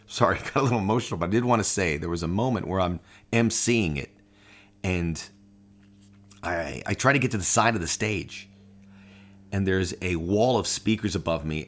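A man hosting a soccer podcast, telling a heartfelt personal story with animated quoted dialogue. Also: low voice. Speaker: podcast host.

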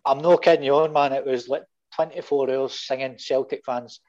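A middle-aged Scottish man telling animated fan stories in a casual chat, acting out the quotes and swearing freely. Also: mid-range voice, moderate pace, lo-fi sound. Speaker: guest fan. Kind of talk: casual storytelling.

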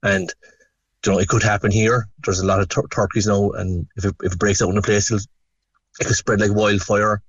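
A man with an Irish accent, a poultry farmer speaking as a guest, plain-spoken and a little halting. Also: fairly low pitch, flat delivery, slightly rough, no room sound, lo-fi sound.

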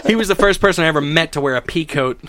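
A man hosting a casual podcast chat, telling stories in an animated way and laughing often. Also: fairly high pitch, fast talker, no room sound. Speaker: podcast host.

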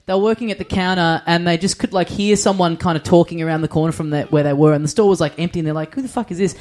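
Fast-talking storyteller on a chat show. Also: mid-range voice, steady tone, darkish tone. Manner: brisk storyteller. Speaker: regular panelist. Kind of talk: casual chat.

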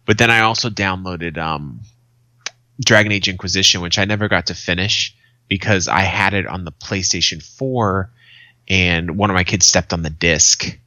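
Male podcast co-host, thirties, swearing storyteller, bright edgy tone, dry close sound. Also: low voice, moderate pace, dry recording. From Arizona, USA. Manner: swearing, storytelling with acted quotes. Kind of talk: casual chat.

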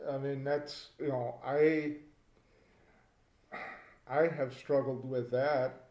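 A man's voice: medium pitch, steady tone, slow, a little mellow, echoey room. A man co-hosting a podcast, chatting in a wry, laid-back way. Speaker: podcast co-host. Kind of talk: casual chat.

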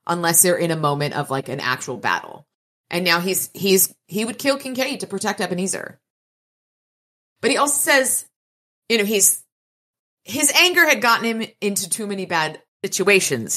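Animated woman recapping a novel. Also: lowish voice. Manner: animated, profane retelling with laughs. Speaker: podcast co-host. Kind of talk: casual book recap chat.

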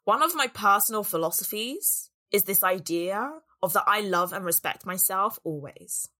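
A woman's voice: mid-range voice, expressive, moderate pace, sharp tone. A woman business coach giving an earnest, reflective solo talk on self-worth and voicing the doubts in people's heads.

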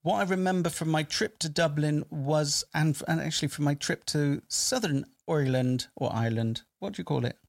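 A man's voice: a little high, moderate pace, gravelly, few pauses. A man co-hosting a comedy podcast, reading odd news items and chatting casually.

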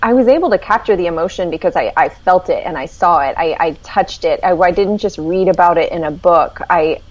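A woman's voice: fairly low pitch, fairly quick, lo-fi sound. A woman author answering interview questions, often hesitating and repeating a word as she starts a thought. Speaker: author guest.

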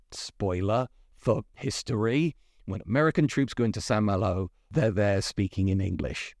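A man's voice: medium pitch, a little mellow, dry recording. Opinionated man talking, dry sound. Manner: opinionated, chatty, rhetorical questions. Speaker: podcast host reviewing a series. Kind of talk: casual spoken review.

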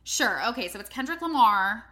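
A woman's voice: on the high side, lively intonation, normal speed, pushed and bright. A young woman in casual chat, telling stories in a frank, chatty way. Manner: chatty storyteller, frank and plain-spoken.

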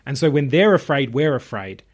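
A man leading a casual film discussion, animated and analytical as podcast host. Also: medium pitch, fairly quick, breathy edge.

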